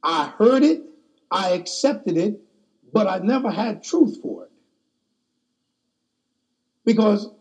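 A man's voice: high-pitched, a little mellow, husky. A man preaching a sermon, telling a personal story in a folksy, colloquial way.

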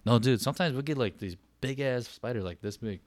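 Here a co-host in his thirties chats casually on a podcast, his mid-range voice moving slightly quickly with no room sound. He tells stories with lots of laughter, acting out quotes as he goes.

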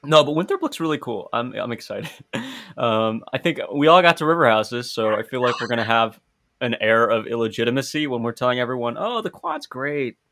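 A man's voice: mid-range voice, a little fast, bright, forceful tone, no room sound. A young man from Chicago and Indiana hosting a podcast, chatting playfully with fillers and self-mocking jokes. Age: young adult. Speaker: podcast host. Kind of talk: casual chat.

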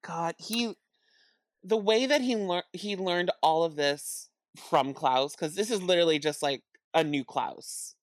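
A woman co-hosting a podcast in casual chat, talking haltingly with lots of fillers and jokes. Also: fairly low pitch, dry recording, studio quality. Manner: halting, filler-heavy, joking. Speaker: podcast co-host.

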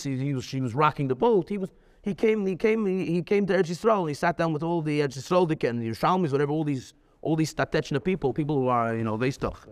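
A man teaches with animated, emphatic energy, often repeating himself as he builds a story. His voice sits a little higher than most men's. The sound rings with long reverb, as in a large hall. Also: fast talker. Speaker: Torah teacher. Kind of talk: lively lecture with storytelling.

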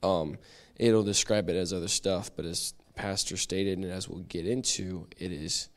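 A man leads a church Bible study in a casual, talkative way. His voice sits on the lower side, and he laughs at himself and restarts sentences as he goes. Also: steady tone, normal speed. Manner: chatty and self-deprecating, with frequent restarts.

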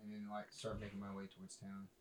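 A man playing a tabletop game, speaking in character as a soldier, laid-back and deadpan. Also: fairly low pitch, fast talker, crowd noise. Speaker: player.

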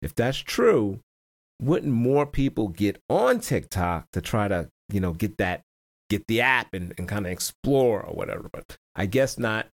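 Rambling man with low, lively voice. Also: unhurried. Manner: rambling, repeats words and backtracks; chuckles between points. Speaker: stock trading YouTuber. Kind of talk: casual screen-share market commentary.

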